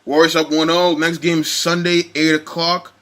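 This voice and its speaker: High, fired-up man ranting about basketball. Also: moderate pace. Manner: heated, ranting, animated. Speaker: sports vlogger. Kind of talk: casual sports rant.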